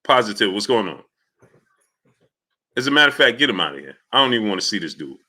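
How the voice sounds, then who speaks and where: His voice on the low side and quick, a livestream host rants with heat, animatedly shouting out viewers' names from the chat.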